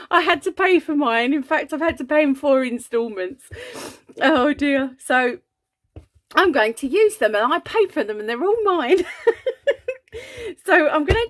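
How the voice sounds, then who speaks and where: A woman hosting a casual crafting vlog from her home craft room, chatty and giggly, a little breathy from asthma. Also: high-pitched, animated, moderate pace. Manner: chatty, giggly, rambling with many ums. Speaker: craft channel host.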